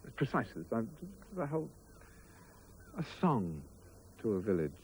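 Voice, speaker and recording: A man's voice: medium pitch, big pitch swings, normal speed, a little hiss or hum, poor audio. A man from Ireland, an actor answering interview questions in a playful way, restarting phrases and laughing at his own jokes. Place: film location.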